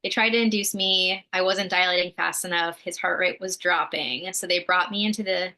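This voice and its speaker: A young woman co-hosting a podcast, chatting in a relaxed way with lots of fillers and some laughs. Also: fairly low pitch, moderate pace. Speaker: podcast co-host, mother of two. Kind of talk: casual chat.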